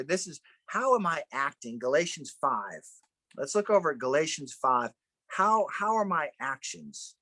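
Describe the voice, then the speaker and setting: A man's voice: medium pitch, fairly bright tone, no room sound. Fervent man leading a Bible study. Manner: fervent, conversational, repeats himself. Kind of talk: informal sermon.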